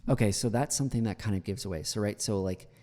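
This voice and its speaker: Mellow-voiced American man in a reverberant room. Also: on the low side, fast talker. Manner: chatty, many fillers, repeats words for analysis. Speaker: English teacher. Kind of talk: critiquing a speech clip.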